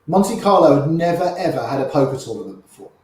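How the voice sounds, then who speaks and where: A man's voice: a little high, sing-song, fast, a little mellow, a little hiss or hum. An older man casually telling anecdotes as a guest, acting out the voices of people in his stories. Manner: chatty, acts out quoted voices in his tales. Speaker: guest storyteller. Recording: very echoey room.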